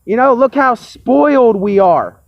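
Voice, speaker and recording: A man speaking loud into a phone held in his hand, pushing his voice as he gives a reflective monologue. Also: extremely high pitch, lively intonation, measured pace, gravelly, dry recording. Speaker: vlogger. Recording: lo-fi phone recording.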